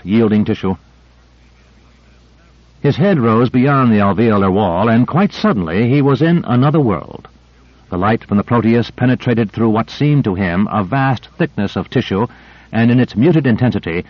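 A man narrating an audiobook with steady, vivid storytelling. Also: lowish voice, no echo. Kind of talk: scripted narration. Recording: dry, slightly dull lo-fi.

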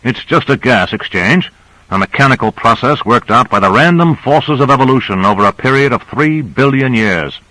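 A man's voice: medium pitch, expressive, moderate pace, sharp tone, no echo, pitched above the performer's own voice, low-quality recording. A man doing a stiff skeptical male doctor. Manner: stiff, grim.

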